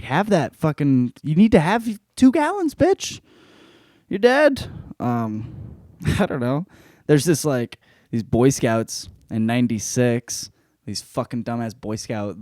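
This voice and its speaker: Swearing jokey guy doing a book report, mid voice, dead dry sound. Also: no room sound. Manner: profane, jokey, lots of swearing and laughing; jumps into loud high-pitched bits for effect. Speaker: podcast host. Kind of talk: casual book report monologue.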